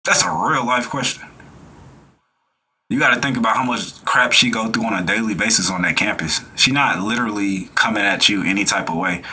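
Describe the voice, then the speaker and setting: Young male reaction streamer, bright husky voice, blunt and insistent. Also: lowish voice, brisk. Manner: blunt, emphatic, repeats his point. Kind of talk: casual reaction commentary.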